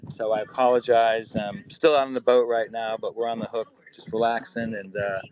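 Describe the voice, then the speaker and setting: A man's voice: medium pitch, level tone, moderate pace, a little mellow, a little hiss or hum, rough recording. A man chatting casually as a guest from a boat outdoors, laid-back with many ums. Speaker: guest community member. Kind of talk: casual chat.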